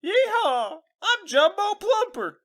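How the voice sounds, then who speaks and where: A podcast co-host voicing a brash, folksy cowboy man who hollers in a high, hammy drawl. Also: big pitch swings, slow, a bit bright, full character voice.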